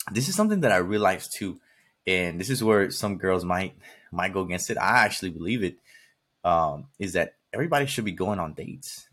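A man's voice: lowish voice, fairly bright tone, husky. A man hosting a podcast, delivering a blunt motivational monologue straight to the listener, swearing casually and repeating himself for emphasis. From California. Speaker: podcast host.

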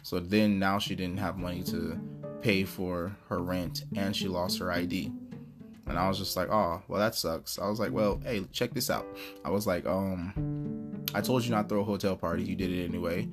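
A man's voice: sits low, fairly even intonation, normal speed, music in the background. A man hosting a podcast, telling a story in a blunt, profane, casual rant. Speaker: podcast host.

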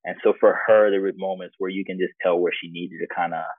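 A deep-voiced man tells personal stories in an easygoing, reflective way. His voice comes through a tinny, phone-like channel with a dry, close sound. He is the guest in an interview. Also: steady tone, fast, dry recording. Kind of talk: casual personal storytelling.

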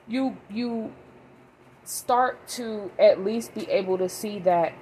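A woman's voice: medium pitch, slow pace, darkish tone, slight background noise, rough recording. A young adult woman, a mother, rambling casually to her viewers with lots of fillers and restarts. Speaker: vlogger. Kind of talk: casual rambling talk to camera.

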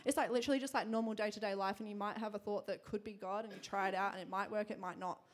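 A woman's voice: mid-range voice, fairly even intonation, racing. A young woman telling casual faith stories, chatty, laughing often and full of fillers. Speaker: Christian speaker sharing testimony. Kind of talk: casual storytelling.

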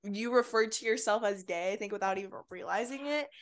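A young woman co-hosting a podcast, talking candidly and rambling, with a dark sense of humor. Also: medium pitch, fairly quick. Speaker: podcast co-host. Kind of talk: casual chat.

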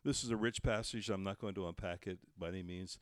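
A man preaching a sermon, telling the story with lively delivery and acting out the voices he quotes. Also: low-pitched, fast, dry recording, studio quality. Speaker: pastor.

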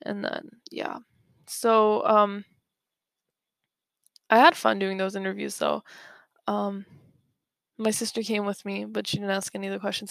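A woman's voice: mid-range voice, flat delivery, moderate pace, vocal fry, pauses often, dry recording, studio quality. A young woman hosting a podcast, telling a story in a chatty way with lots of fillers and restarts, and getting worked up. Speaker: podcast host. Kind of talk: casual storytelling monologue.

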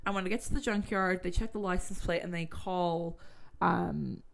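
A woman's voice: fairly low pitch, fairly even intonation, moderate pace, gravelly. A woman casually retelling a true crime case, chatty and full of fillers, swearing when she gets worked up.

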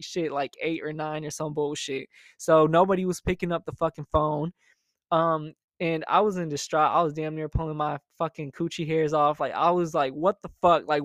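A man's voice: a little high, smooth, dry recording, studio quality. Chatty young man telling a story. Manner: animated, profane, chatty. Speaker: storytime host. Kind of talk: casual storytelling monologue.

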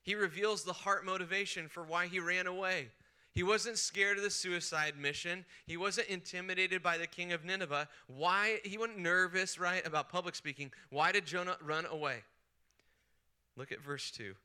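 A man, a pastor, preaching a sermon at a retreat, moving from quiet retelling to animated outbursts as he voices the angry prophet. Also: high-pitched, moderate pace, clean tone. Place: retreat session hall.

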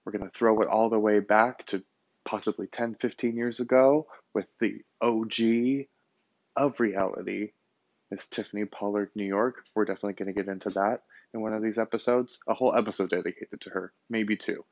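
A man with a fairly low voice hosts a solo podcast, talking casually and animatedly, quick to curse and to lean hard on his words. The recording is dry and a little dull. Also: no echo. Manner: animated, blunt and profane, swings between fast bursts and slow emphasis. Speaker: podcast host.

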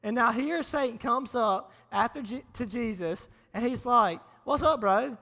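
A man preaching a casual, humorous sermon to a live audience, energetic and chatty, repeating phrases for emphasis. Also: very high voice, measured pace, creaky. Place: large hall before a live audience. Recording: long hall reverb.

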